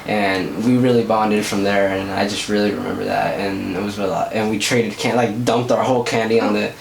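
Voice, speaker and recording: A man's voice: fairly low pitch, steady tone, a little fast, gravelly, a little hiss or hum. A young man from Southern California hosting a vlog, telling stories in a rambling, casual way full of fillers. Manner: rambling, filler-heavy storytelling. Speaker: vlog host. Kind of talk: casual chat. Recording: echoey room, mic at a distance.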